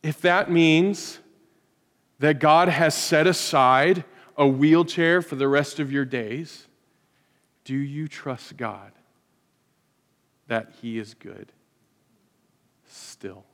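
Pastor delivering a sermon, emphatic and dynamic, slightly high-pitched man, church sanctuary with long reverb. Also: drawn-out words, pauses often. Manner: emphatic, swings from loud rhetorical questions to hushed lines. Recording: hall reverb.

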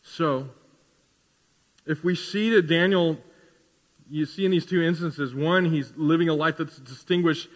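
A man's voice: on the high side, unhurried, pauses often. A man preaching a sermon as pastor, building to emphatic rising questions. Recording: reverberant hall.

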